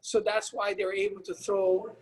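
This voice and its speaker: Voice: medium pitch, level tone, measured pace. A guest chatting easily about competing on a cooking show. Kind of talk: casual chat. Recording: crowd noise behind.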